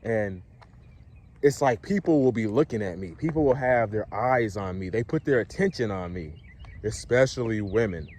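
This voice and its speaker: This man is a dating coach whose fairly low voice moves at a moderate pace. Relaxed and casual on camera, he chuckles a lot and keeps checking in with his listener.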